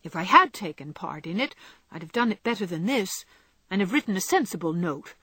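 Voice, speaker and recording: Headstrong teenage girl as a woman reads her, loud, indignant, husky, dry close sound. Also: lowish voice, sing-song, a little fast, dry recording, exaggerated voice. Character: impetuous tomboyish teenage girl, fiery.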